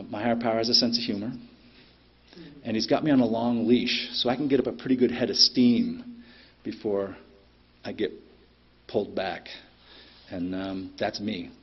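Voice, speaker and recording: A middle-aged man speaks in a somewhat low, husky voice, sharing his story at a recovery meeting. His talk is plainspoken and blunt, full of ums and the odd curse. The meeting-room recording sounds dull and lo-fi. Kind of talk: personal recovery share.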